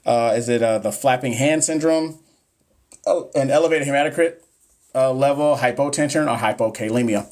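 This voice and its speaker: A man's voice: medium pitch, moderate pace, a little mellow. A man in his thirties coaching nursing exam questions on a casual live stream. He jokes with viewers, talks right to them and stumbles over long medical terms. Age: 30s.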